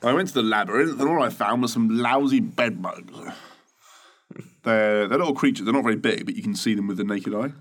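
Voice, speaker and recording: Guy on a podcast mic, bit low voiced, chatty and crude, wanders off explaining stuff. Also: fairly quick, fairly bright tone. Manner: rambling, crude, jokey explaining. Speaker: podcast co-host. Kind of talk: casual chat. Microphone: desk microphone.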